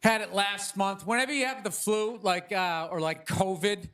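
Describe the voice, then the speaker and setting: A man's voice: sits high, moderate pace, fairly bright tone. A man opening a stand-up set, chatting casually with the crowd. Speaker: stand-up comedian. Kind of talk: stand-up comedy. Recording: live show with crowd noise.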